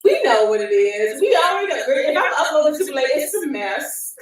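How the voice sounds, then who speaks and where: A woman's voice: high voice, sing-song, brisk. Rambling woman vlogger, far off and echoey. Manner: rambling and hesitant. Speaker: YouTuber in a played clip. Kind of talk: casual vlog commentary.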